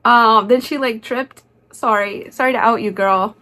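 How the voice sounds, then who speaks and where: A woman narrating a casual vlog in a chatty, excitable way, full of fillers like "um" and "like.". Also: fairly high pitch, normal speed. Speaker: concert vlogger.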